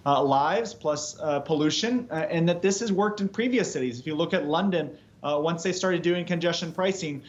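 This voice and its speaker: Measured man on a muffled remote feed. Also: fairly high pitch. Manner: measured, halting with fillers. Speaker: panel guest. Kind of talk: cable news debate.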